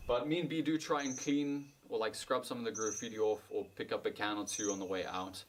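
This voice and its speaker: A man's voice: on the low side, steady tone, a little fast, slight background noise, lightly acted, poor audio. An actor playing an earnest young man who films a caving diary, talking casually to camera with lots of hesitant fillers. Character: earnest young male caver vlogging his dig. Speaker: caver filming a video diary. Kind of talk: casual vlog talk to camera. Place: outdoors at night by a cave.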